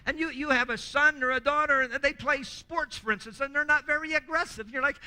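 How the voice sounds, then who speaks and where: A man presenting a workshop in a lively, humorous teaching talk who acts out quoted voices and often restarts his words. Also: extremely high pitch, brisk, hardly any pauses.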